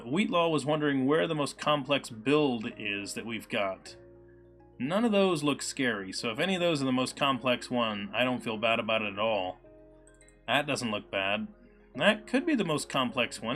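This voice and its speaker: A man hosting a live coding stream, thinking aloud with many fillers and answering chat. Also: mid-range voice. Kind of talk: casual live-coding commentary. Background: soft background music.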